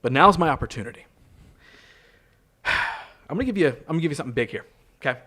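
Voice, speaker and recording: Give me a man acting as an aggrieved, rambling cartoon inventor, slightly high voice. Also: animated, quick pace, bright, forceful tone. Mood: confiding. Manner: indignant, rambling, crude storytelling. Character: bitter man claiming he invented famous cartoons. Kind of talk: improv comedy role-play.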